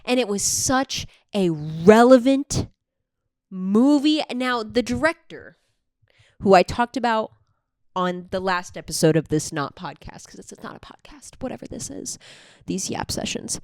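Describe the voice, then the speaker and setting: Animated young woman gushing into a mic. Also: medium pitch, a little slow, no echo, clean studio sound. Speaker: vlogger. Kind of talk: casual chat. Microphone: handheld microphone.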